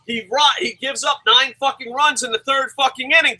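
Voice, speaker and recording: A man co-hosting a wrestling review show, ranting loudly and cursing as he argues his point. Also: very high voice, fairly even intonation, normal speed, poor audio. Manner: profane, shouting, ranting. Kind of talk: heated opinion rant.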